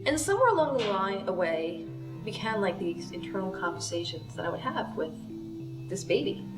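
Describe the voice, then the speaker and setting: A woman recalls her time as a birth mother in a reflective documentary interview. She sounds far from the mic in a roomy space, with music clearly under her. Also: medium pitch, sing-song, normal speed.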